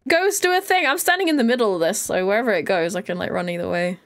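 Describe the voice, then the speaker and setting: A woman's voice: mid-range voice, animated, fast talker. A woman chatting casually while streaming a game, breaking into shrieks and laughs when startled. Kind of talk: casual live gameplay chat.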